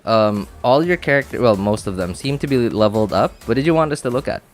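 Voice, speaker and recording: A man's voice: medium pitch, animated, quick pace, soft background music. A man chatting casually on a game livestream, rambling with many fillers and restarts and laughing easily. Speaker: game streamer.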